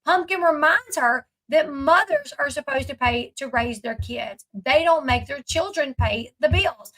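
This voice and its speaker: A woman talks through a reality-show clip in a casual, chatty way. Her voice sits high, and she leans hard on her points with plenty of fillers. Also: animated, a little slow, fairly bright tone, rough recording. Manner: chatty, emphatic, fillers and asides. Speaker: commentary channel host. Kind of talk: casual reaction commentary.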